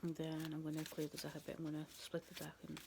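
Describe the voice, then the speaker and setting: Gravelly low-voiced woman reading tarot. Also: completely flat delivery, quick pace, background noise. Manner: chatty and rambling, laughs at herself. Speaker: tarot reader. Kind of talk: casual tarot reading to camera.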